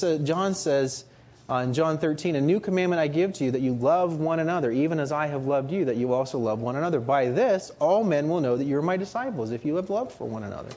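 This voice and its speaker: A man with a slightly husky voice preaching a sermon. His pitch swings widely as he pushes earnest rhetorical questions. He sits a little higher than most men. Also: a little mellow.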